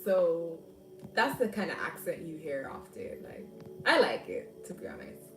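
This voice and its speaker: A woman's voice: fairly low pitch, big pitch swings, a little slow, far from the mic. A woman hosting a casual livestream chat, reading comments aloud and laughing often. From Jamaica. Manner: chatty, laughs often, thinks aloud with fillers. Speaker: livestream host. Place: home, living in England. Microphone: phone or tablet. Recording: roomy sound from off mic, loud music behind.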